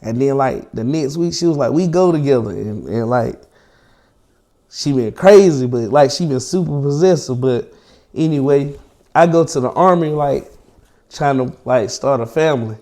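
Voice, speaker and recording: Gravelly-voiced young man telling a story. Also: mid-range voice, normal speed. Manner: slangy, profane, animated storytelling. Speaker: interview guest. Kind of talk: casual storytelling interview.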